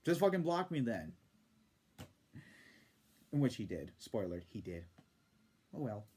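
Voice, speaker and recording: A man's voice: medium pitch, very animated, measured pace, a little mellow, slightly rough. A man ranting in casual video commentary, sarcastic and profane. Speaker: YouTube commentator.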